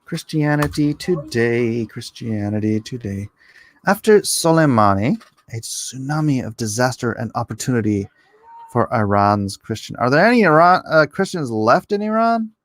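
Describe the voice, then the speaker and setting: A man's voice: mid-range voice, very animated, moderate pace, fairly bright tone. A man hosting a livestream in a casual, rambling, jokey way, reading chat comments aloud and answering them. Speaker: livestream host.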